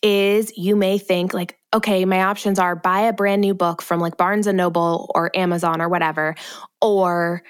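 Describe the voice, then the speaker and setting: An upbeat woman co-hosts a podcast, rambling along and laughing easily. Her voice sits a little low for a woman. The sound is dry, with no room around it. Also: flat delivery, moderate pace, clean tone, dry recording. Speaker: podcast co-host. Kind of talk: casual chat.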